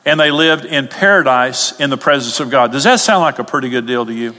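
A man's voice: mid-range voice, brisk, pushed and bright. A male pastor preaching a sermon emphatically, his voice rising as he gets stirred up. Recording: long hall reverb.

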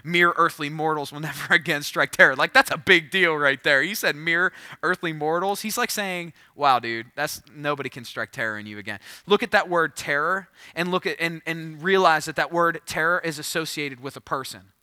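A man's voice: fairly high pitch, moderate pace, hardly any pauses, no room sound. A man in his thirties preaching a sermon, telling a funny story with jokes before reading scripture. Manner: storytelling, animated and joking. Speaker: pastor.

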